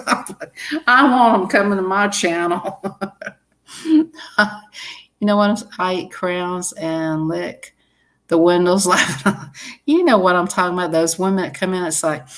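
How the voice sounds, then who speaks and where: A woman chatting casually to her live-stream viewers, rambling and laughing often. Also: fairly low pitch.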